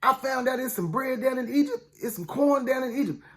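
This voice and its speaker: A man's voice: very high voice, animated, a little fast, a bit bright, voice pushed up. A man voicing an older father who impatiently hurries his grown sons along with exasperated, bossy scolding. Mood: impatient urgent.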